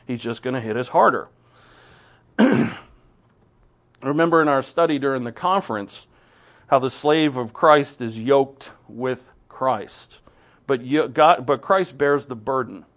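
A male pastor delivers a sermon from the pulpit in a church. His voice sits in a middle pitch, and he breaks up the teaching with playful asides to the congregation and lively emphasis. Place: church sanctuary.

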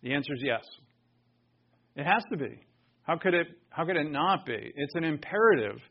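A pastor preaching a sermon, emphatic and full of rhetorical questions. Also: male voice, on the high side, lively intonation, normal speed, creaky, slightly rough, lo-fi sound.

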